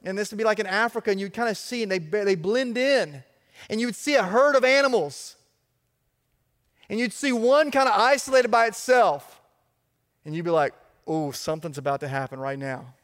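A man's voice: sits high, animated, normal speed, a bit bright, in a large hall. A man preaching a sermon as pastor, emphatic, with a repetitive cadence.

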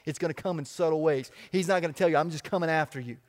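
High-voiced preaching man in a reverberant hall. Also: very fast, a little mellow. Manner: emphatic, repetitive preaching cadence. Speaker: pastor. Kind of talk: sermon.

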